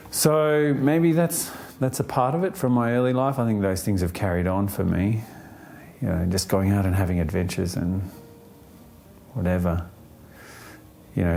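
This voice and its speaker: A man answering an interview question in a thoughtful, unhurried way, often pausing with fillers and restarting his sentences, with a gently upbeat tone. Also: sits low, gravelly, slight background noise.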